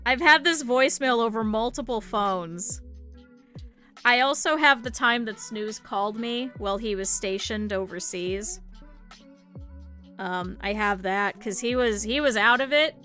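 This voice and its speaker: A young adult woman from the American Midwest, chatting casually on a livestream. Her voice sits high and sounds bright and sharp. She rambles through stories with plenty of fillers, swearing and laughter, and faint music plays underneath. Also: unhurried. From Cleveland area, United States. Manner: rambling anecdotal storytelling with lots of swearing and laughter; many fillers and restarts, voices others in her quotes. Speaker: streamer. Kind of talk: casual chat while crafting.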